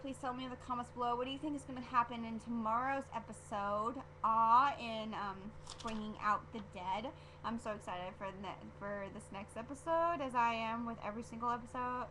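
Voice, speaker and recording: A woman recapping a TV episode in a casual vlog, her voice bright and a touch high. She rambles excitedly like a gushing fan, tripping over restarts and "um"s as she goes. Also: slight background noise. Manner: filler-heavy with frequent restarts. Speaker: TV show reviewer.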